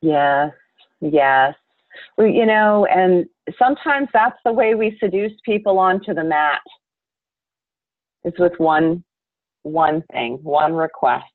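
A woman with a notably low voice explains yoga ideas in a calm, measured way. She comes through a thin, phone-like remote call line with a dry, close sound. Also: no room sound. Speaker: yoga teacher guest. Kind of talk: explanatory interview answers. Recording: tinny dry call audio.

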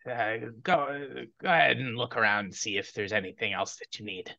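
A man's voice: on the low side, animated, moderate pace, bright, forceful tone, no room sound, heavily acted. A man voicing a grumpy, short-tempered male cat-folk blacksmith who curses and snaps at customers. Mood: gruff. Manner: gruff, snappish, cursing. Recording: dull lo-fi, dry.

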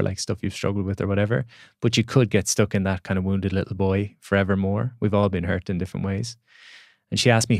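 A man shares a personal story in a relaxed podcast conversation. His voice sits on the low side and he often stops and restarts as he thinks. The sound is dry and close to the mic. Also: no room sound. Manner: reflective, storytelling, many restarts. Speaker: podcast guest, coach.

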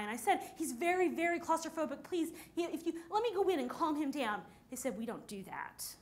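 A woman with a high, light voice speaks on a conference stage. She tells a personal story and brings each quoted person to life with lively, animated shifts in delivery. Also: fast talker, few pauses.

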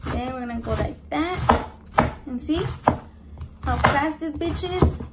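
A high-voiced woman talks through a home cooking vlog, brash and profane, dropping Spanish into her English. The kitchen recording is noisy behind her. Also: slow. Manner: brash, swears constantly, mixes in Spanish. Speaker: cooking vlogger. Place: home kitchen with family around.

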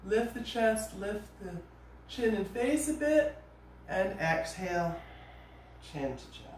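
Calm woman guiding yoga, echoey room. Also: on the high side. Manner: calm, gentle cueing with casual asides. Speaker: yoga teacher. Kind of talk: guided yoga class instruction. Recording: echoey room, voice from a distance, faint noise.

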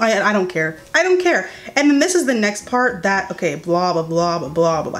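A young woman giving sassy, incredulous commentary as she reads a statement aloud, jumping between high exclamations and low mutters. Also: animated, fairly quick, hardly any pauses. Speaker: commentary YouTuber.

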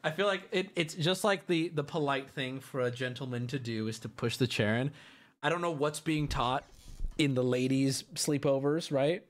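A man's voice: medium pitch, normal speed. A man joking bluntly as he reacts to a dating show on a live stream, rambling with crude asides into a desk microphone. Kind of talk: casual live-stream commentary.

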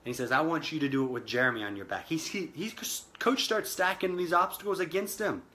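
A man's voice: a little high, brisk, pushed and bright. A man giving an earnest motivational talk, retelling a film scene, calling his listeners guys and repeating phrases for emphasis. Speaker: motivational speaker.

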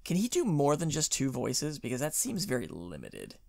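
A man's voice: medium pitch, normal speed, creaky, no echo. A man co-hosting a casual book podcast, wry and joking as he talks things over from a home studio with a green screen. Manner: wry, animated, laughs often. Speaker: podcast co-host.

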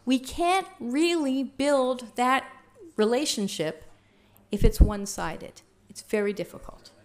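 Lively higher-voiced woman trainer. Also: slow pace. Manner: lively and conversational, asks the room questions. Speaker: workshop trainer. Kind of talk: teaching a workshop.

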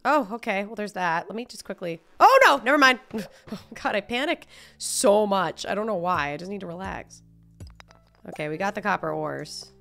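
A woman streaming a video game live, jumpy and excitable, swearing and laughing as she plays. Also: mid-range voice, moderate pace, gravelly, soft background music. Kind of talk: live gameplay commentary.

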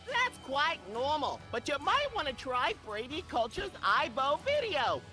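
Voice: high voice, sing-song, unhurried, bright, forceful tone, faint music behind, heavily acted. A woman voicing a manic male former child star who poses as a chirpy therapist in a cartoonish video game. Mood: manic cheer.

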